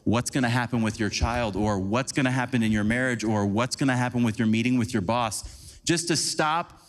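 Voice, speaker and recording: A man giving a conversational, animated sermon as a preacher, acting out little scenes for the congregation. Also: medium pitch, moderate pace. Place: church sanctuary. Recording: long church hall reverb.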